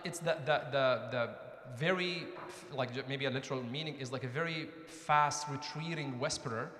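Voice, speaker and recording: A man's voice: mid-range voice, a bit bright. A man giving a conversational mosque lecture, often asking the audience questions. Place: mosque hall. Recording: echoey hall with long reverb.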